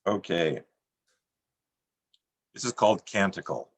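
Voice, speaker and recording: A middle-aged man reads his poems over a video call in a dry, deadpan way and makes jokes at his own expense. His voice sits low and carries a slight husk. The sound is close and dry, with no room around it. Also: slow pace, husky, no room sound. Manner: dry, deadpan delivery with self-mocking jokes. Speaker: featured poet. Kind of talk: poetry reading on a video call. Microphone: computer mic on a video call.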